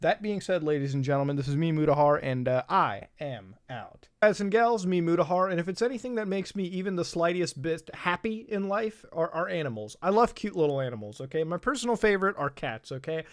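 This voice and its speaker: A man's voice: a little high, expressive, fairly quick, hardly any pauses. A male host giving an online commentary rant, heated, profane and sarcastic, talking straight to his viewers. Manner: chatty, addresses viewers directly.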